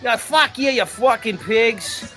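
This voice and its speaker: A man putting on a Boston accent to play a furious, foul-mouthed man yelling at police, with music behind. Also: very high voice, slow pace, voice pushed up. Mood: screaming. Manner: screaming, swearing.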